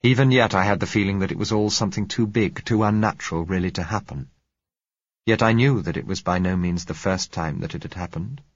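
A man narrates a first-person story in a very deep, husky voice. His reading is measured and somber. The recording is dry and a little dull. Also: no echo. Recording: dry, slightly dull audio.

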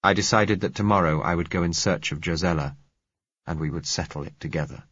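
A man reading a novel aloud as audiobook narrator, in measured, reflective first-person narration. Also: low voice, fairly bright tone, slightly rough, no room sound, lo-fi sound.

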